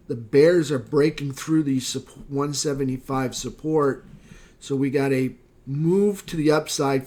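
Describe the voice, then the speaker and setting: A slightly hoarse man giving a casual market recap, thinking aloud with fillers and quick self-corrections. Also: mid-range voice, a little mellow. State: slightly hoarse, losing his voice. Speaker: market analyst. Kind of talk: screen-share market recap.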